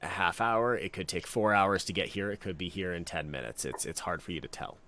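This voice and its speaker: Brief man, game master, low voice, easygoing rambling narration. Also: fairly quick. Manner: relaxed, meandering narration with many fillers.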